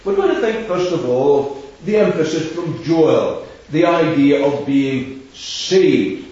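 A man preaching a gospel sermon, stressing key words and repeating the main verse slowly. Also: fairly high pitch, sing-song, darkish tone. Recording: echoey distant hall sound, dull.

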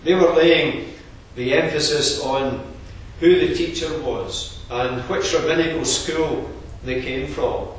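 A man preaching a sermon in a measured, earnest expository manner. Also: a little high, slight background noise. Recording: very echoey, distant room recording.

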